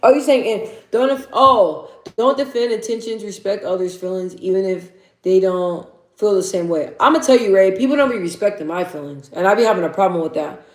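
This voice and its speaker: A woman's voice: medium pitch, a little fast. Candid woman chatting on a livestream, echoey. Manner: candid and rambling, swears freely. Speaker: livestream host. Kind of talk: casual livestream chat, reading viewer comments.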